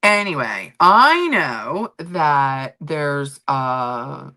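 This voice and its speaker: Middle-aged female host, casual rambling stream chat, animated pitch, bright tone. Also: drawn-out words. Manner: chatty, animated, rambling with restarts. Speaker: livestream host.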